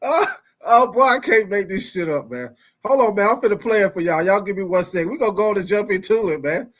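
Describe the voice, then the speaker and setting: A young man hosting a casual sports talk show, animated and quick to laugh, repeating his phrases and calling out to viewers. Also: sits high. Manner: animated, laughing often, repeats phrases, reads live chat. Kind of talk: casual chat.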